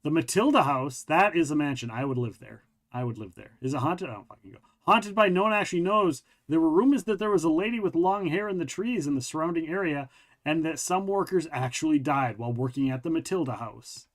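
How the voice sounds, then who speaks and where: A man with a slightly high voice hosts a relaxed, joking chat. He reads items aloud in an easy, offhand way and breaks off now and then to greet viewers. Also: brisk. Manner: laid-back, joking, reads lists aloud. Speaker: host. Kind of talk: casual chat.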